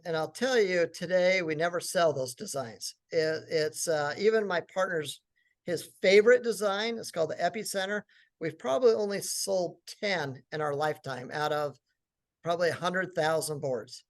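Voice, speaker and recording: Middle-aged guy founder telling a story, voice jumps around when he quotes people. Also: a little high. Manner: animated, acts out quotes of others. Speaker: business founder speaker. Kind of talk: storytelling business talk.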